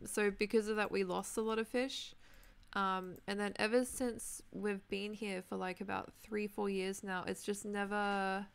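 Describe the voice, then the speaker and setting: A young woman chatting casually while streaming a building game, reading chat names and clearing her throat, her voice tired from talking. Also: medium pitch. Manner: chatty, reads out chat names, many ums. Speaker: Minecraft livestreamer.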